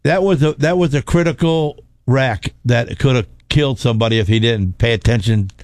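A man's voice: mid-range voice, normal speed, a little mellow, no room sound. A man telling a racing story in casual chat, rambling, repeating words and laughing. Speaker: race car driver telling stories.

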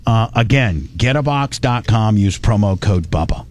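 A man's voice: fairly low pitch, lively intonation, moderate pace, a little mellow, no room sound. A man hosting a radio show, chatting casually and joking, often restarting and correcting himself. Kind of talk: casual talk radio chat.

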